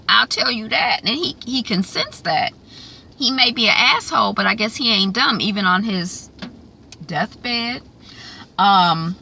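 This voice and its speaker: Chatty gravelly-voiced woman recapping a show. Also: medium pitch, bright, forceful tone, a little hiss or hum. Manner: chatty, full of ums, acts out quotes. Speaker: TV recap reviewer. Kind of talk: casual episode recap.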